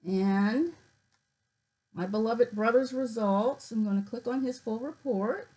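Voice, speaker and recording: A woman vlogging casually, reading figures off her screen with many fillers and pauses, her voice cutting in and out. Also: on the high side, dark tone, poor audio. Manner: reads figures aloud haltingly with many fillers. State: voice cuts in and out.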